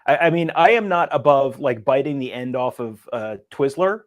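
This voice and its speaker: A man co-hosting a sports podcast in casual chat, telling stories in an animated, self-amused way. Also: mid-range voice, normal speed, muffled recording. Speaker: podcast co-host.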